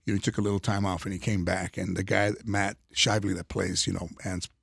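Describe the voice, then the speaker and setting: A comedian being interviewed, telling rambling stories full of restarts and fillers. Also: male voice, sits low, level tone, fast talker, vocal fry, a bit bright, husky, no room sound, clean studio sound. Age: older. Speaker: comedian guest. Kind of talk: casual interview storytelling.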